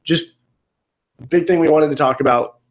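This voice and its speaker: A man's voice: fairly high pitch, fairly even intonation, normal speed. A man co-hosting a casual podcast, teasing and telling funny stories about friends. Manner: joking, teasing storyteller. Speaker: podcast co-host. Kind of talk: casual banter.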